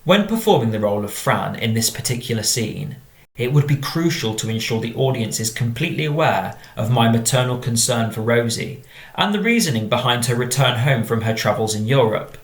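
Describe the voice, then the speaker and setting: A man with an English accent, a drama teacher reading out and explaining model exam answers in a measured tone. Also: medium pitch, expressive. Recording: echoey room.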